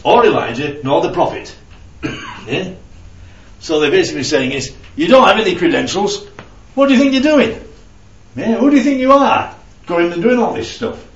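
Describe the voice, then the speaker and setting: A man leading an informal Bible study with a small group, talking conversationally and often checking in with "right?" and "yeah?". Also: fairly high pitch. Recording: roomy, distant, dull lo-fi recording.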